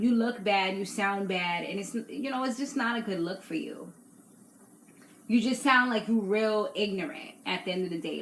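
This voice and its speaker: In an echoey room with faint background noise, a young woman with a mid-range voice hosts a YouTube recap of reality TV. She's chatty and opinionated, laughing often as she talks casually.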